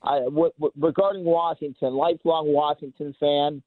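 A man's voice: a little high, fairly even intonation, dry recording. Man with an American accent on a tinny phone line. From England. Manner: rambling, halting, with many restarts. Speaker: caller. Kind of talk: phone-in call to a sports radio show.

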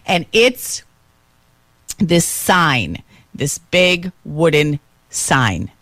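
This is a woman co-hosting a casual chat show, talking from a home studio. She tells her stories animatedly, laughing as she goes, with her voice jumping high and swooping around. The sound is dry and close to the mic. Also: very slow, dry recording. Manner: animated storyteller, laughs often, voice jumps high. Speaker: co-host.

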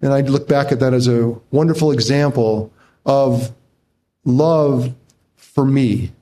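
A man's voice: mid-range voice, takes it slowly, warm tone. A middle-aged man as an interview guest, telling a personal story in an emotional way with many restarts, his voice jumping up when he relives tense moments.

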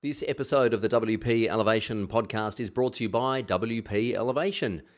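A fairly low-pitched man hosting a podcast and talking straight to his listeners. He is energetic and plain-spoken, and his voice lifts often as he pushes an idea. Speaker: podcast host. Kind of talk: podcast intro monologue.

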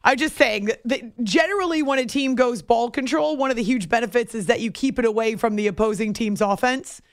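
A woman's voice: on the high side, a little fast, no room sound, studio quality. A woman hosting a late-night sports radio show, talking casually with sarcastic, self-mocking asides. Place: radio studio. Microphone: studio microphone.

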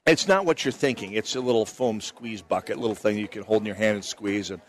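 A man's voice: on the low side, fairly quick, slight background noise. A man hosting a live talk radio show from an outdoor state fair booth, telling stories in a chatty way with many restarts and asides. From Minnesota. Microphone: broadcast mic with headphones.

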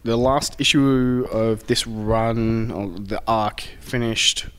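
Hesitant comic shop guest. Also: male voice, medium pitch, steady tone, takes it slowly, clean tone. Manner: hesitant, filler-heavy. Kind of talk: casual chat.

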